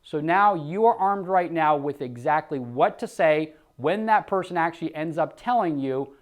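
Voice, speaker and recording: In this sales coaching lesson, a man with a somewhat high voice acts out phone scripts for insurance agents. He moves at a moderate pace, barely pausing, and punctuates his points with emphatic exclamations.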